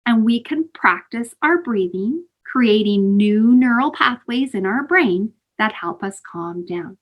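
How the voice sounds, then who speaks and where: A woman leading children through breathing exercises on a video call. Her voice is on the higher side and bounces up in a lively, sing-song teacher's way. She sounds like she is talking to a group of kids. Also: slow pace. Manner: animated, sing-song, calls kids sweethearts. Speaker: mindfulness teacher. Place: home, virtual session.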